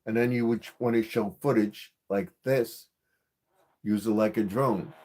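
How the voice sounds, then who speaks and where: A man's voice: on the low side, fairly even intonation, a little slow, warm tone. A man hosting a gardening channel's live stream, explaining equipment in a casual, repetitive way with many fillers.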